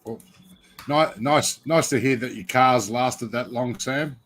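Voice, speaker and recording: A man's voice: mid-range voice, slow, fairly bright tone. A man, co-hosting a casual podcast and making blunt, offhand remarks. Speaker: podcast co-host.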